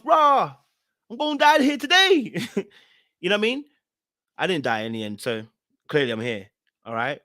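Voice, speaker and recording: A young man, hosting a podcast and telling a personal story in an animated way, repeating phrases for emphasis. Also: on the high side, no room sound, studio quality. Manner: animated, repeats phrases for emphasis, acts out his own past words. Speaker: podcast host. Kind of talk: storytelling talk.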